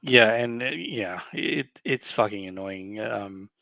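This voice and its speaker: A man's voice: lowish voice, slow pace, creaky, bright, forceful tone, no echo. A man co-hosting a collectibles stream, ranting profanely and with exasperation in casual chat.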